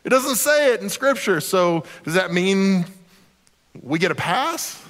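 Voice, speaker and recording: A man's voice: high voice, sing-song, measured pace, fairly bright tone, long reverb tail. A man pastor preaching a sermon in a conversational, earnest way, often repeating a word as he starts a sentence.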